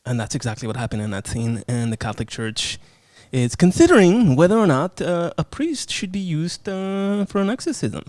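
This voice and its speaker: A man hosting a podcast, casually reviewing a horror film in a profane, animated way and acting out scenes. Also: a little high, normal speed, no room sound, clean studio sound.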